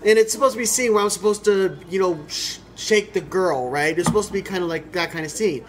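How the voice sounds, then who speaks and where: Brief: young man, high voice, rambling profane storyteller, casual commentary co-host. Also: fast. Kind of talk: casual riffing over a film.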